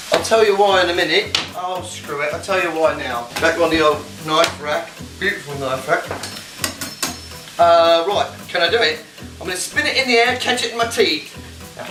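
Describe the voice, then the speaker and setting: A rambling, silly English home cook, put on by a man in a fake English accent, chatting his way through a recipe. The sound is roomy and picked up from across the kitchen, with loud music playing behind. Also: high-pitched, distant mic, natural voice. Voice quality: rambling, silly, self-talking. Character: chatty British alter ego of the man, cooking. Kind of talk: cooking demonstration in character.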